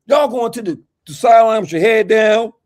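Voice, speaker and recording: A high-voiced man talking basketball with a hyped, preachy swagger. He speaks, and his delivery keeps rising into loud, animated riffs. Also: a little fast. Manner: hyped, preachy, swings into shouting impressions. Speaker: podcast co-host, basketball fan. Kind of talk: animated sports chat.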